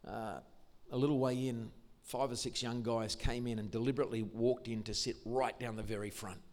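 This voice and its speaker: Older Australian man, church testimony sermon, animated, enthusiastic storyteller. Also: medium pitch, a little fast. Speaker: Christian musician and speaker.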